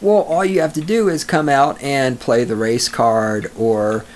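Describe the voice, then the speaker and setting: A man's voice: mid-range voice, steady tone, measured pace, a little mellow, a little hiss or hum. A male podcast host reading news stories and mocking them with crude jokes, often breaking into laughter. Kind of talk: sarcastic news commentary.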